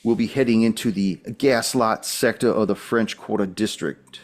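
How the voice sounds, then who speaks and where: A man's voice: lowish voice, moderate pace, lightly acted. A man doing an uneasy Southern drawl cop. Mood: businesslike. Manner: hesitant, courteous, folksy. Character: male Southern city police officer, polite, uneasy.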